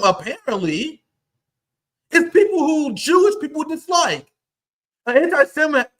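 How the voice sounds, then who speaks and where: A man's voice: very high-pitched, sharp tone. A man hosting a livestream, delivering angry, profane commentary in a heated rant. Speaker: livestream host.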